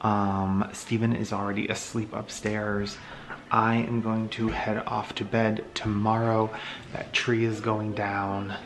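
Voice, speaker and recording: A man's voice: fairly low pitch, level tone, slow pace, background noise. Chatty young man vlogging at home. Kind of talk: casual vlog narration.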